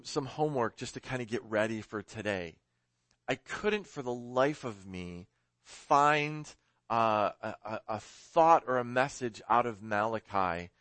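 A man's voice: medium pitch, fairly bright tone, no room sound. Male pastor, casual rambling sermon, self-correcting, dry close sound. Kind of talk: sermon with humorous story.

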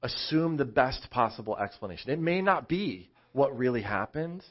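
A man's voice: mid-range voice, normal speed. Conversational male preacher, slightly dull sound. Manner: conversational, animated storytelling preacher. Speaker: pastor. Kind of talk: sermon.

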